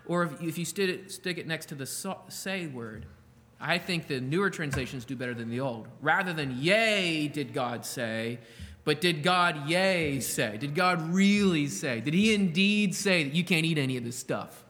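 A man preaching a sermon, slowing down to stress quoted words and asking the listeners rhetorical questions. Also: on the high side, lively intonation, fairly bright tone, big-room sound. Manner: slow, emphatic delivery with rhetorical questions. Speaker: pastor.

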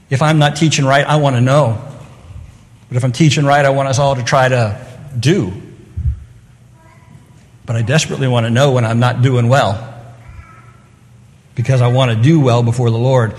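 A man's voice: medium pitch, fairly even intonation, moderate pace, long pauses, darkish tone. Earnest middle-aged male preacher, reverberant hall. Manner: earnest, conversational, acts out quoted voices. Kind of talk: evening sermon.

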